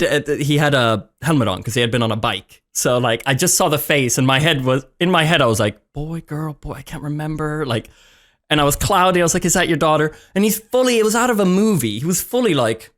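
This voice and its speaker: A man tells an awkward story on a casual podcast, his pitch leaping up and down as he acts out what everyone said. He laughs often and slips in and out of quoted voices. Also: sing-song, fairly quick, fairly bright tone. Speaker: podcast co-host.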